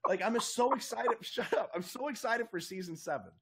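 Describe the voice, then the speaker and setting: A young man co-hosting a casual podcast, talking in an excitable, profane rant. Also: high-pitched, moderate pace, husky. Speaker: podcast co-host. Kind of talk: casual chat.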